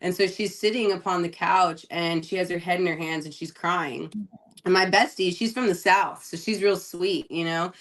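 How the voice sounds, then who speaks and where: A woman's voice: lowish voice, normal speed, fairly bright tone. A woman, a guest investor, telling a story casually and chattily, laughing often and saying "like" a lot.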